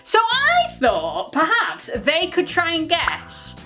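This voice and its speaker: Woman presenting kids' assembly, slow and very expressive, bright tone. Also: very high voice, faint music behind. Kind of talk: children's assembly video.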